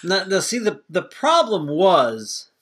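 A man's voice: sits high, sing-song, takes it slowly, fairly bright tone, breathy edge. Opinionated man rambling on movies. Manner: rambling, opinionated, swears freely. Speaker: podcast co-host. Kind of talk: casual movie review chat.

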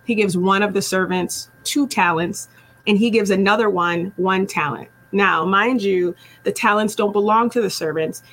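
A woman's voice: mid-range voice, moderate pace, fairly bright tone. Chatty woman host teaching faith and finances. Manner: conversational, with frequent tag questions and slang.

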